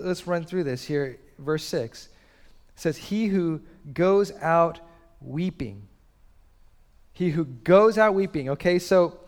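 A pastor preaching a sermon, swinging from loud urgent bursts to quiet, slow drops. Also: male voice, on the high side. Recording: long reverb of a large hall.

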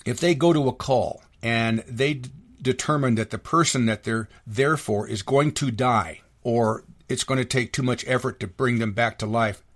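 A middle-aged American man delivers a solo podcast monologue. He talks in an indignant, rambling rant, full of restarts and sarcasm. His voice sits at an ordinary middle pitch for a man. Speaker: podcast host.

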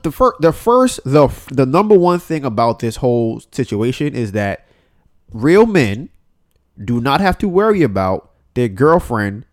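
A man of middle pitch hosting a relaxed podcast chat. He talks bluntly and swears freely. He keeps slipping into quick acted-out bits of what others said. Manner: blunt and profane, often acting out quotes. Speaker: podcast host.

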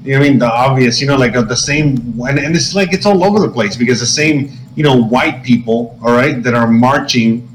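A man's voice: medium pitch, brisk, few pauses, slight background noise. Rambling, profane man in an echoey room. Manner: rambling, profane, many fillers. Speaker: podcast co-host. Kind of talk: casual political chat.

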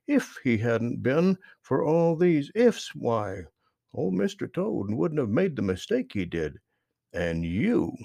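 A man narrating a children's book aloud, with expressive storytelling and lively emphasis. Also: medium pitch, vocal fry, dry recording, clean studio sound.

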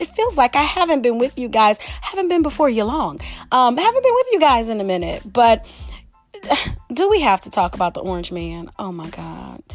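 A woman hosting a casual solo podcast, talking in a chatty, exclamatory way. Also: a little high. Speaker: podcast host.

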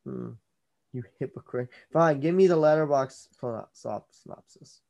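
Over a video call, using his own mic, a podcast host chats casually and is quick to playfully mock and bicker with his co-host. His voice is a little high, gravelly, and darkish.

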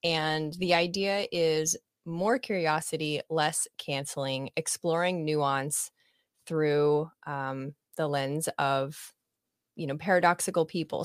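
Chatty woman with a low, dry voice. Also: no echo. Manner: lively, laughing, quick and chatty. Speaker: podcast guest, fellow podcaster. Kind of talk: casual podcast chat.

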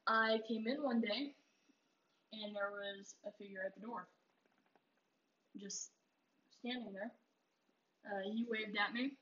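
A man's voice: high voice, fairly even intonation, slow, long pauses, pushed and bright. A man telling a story in casual chat, hesitant, with many fillers. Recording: dull lo-fi recording.

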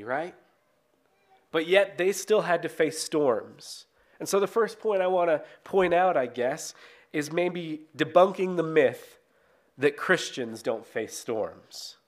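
Male preacher, conversational sermon delivery, slightly raised pitch, frequent tag questions. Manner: reads scripture aloud then explains it.

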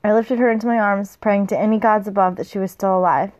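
A woman's voice: medium pitch, fairly even intonation, fast talker, darkish tone. A woman reading a novel aloud casually, with small slips and corrections. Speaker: reader.

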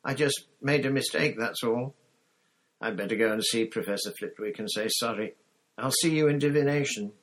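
A man reading a storybook aloud and voicing a flustered, overworked young schoolgirl witch who stammers and squeaks. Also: moderate pace, a bit bright, lightly acted. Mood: defensive.

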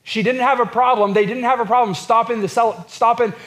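A man's voice: very high voice, fairly even intonation, a little fast, a bit bright. A man preaching a sermon as pastor, earnest and repetitive, acting out quotes from scripture.

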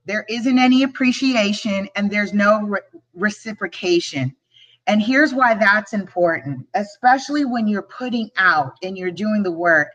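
Her voice is medium in pitch, expressive, fairly bright and a little slow, though the audio is poor. She's a Philadelphia show host and real estate agent speaking from the heart on a motivational live stream, repeating words as feeling builds.

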